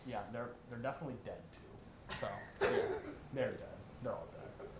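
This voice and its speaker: A man's voice: medium pitch, expressive, moderate pace. A young man co-hosting a casual esports recap, joking as he rattles off player names. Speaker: co-host. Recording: echoey room, faint noise.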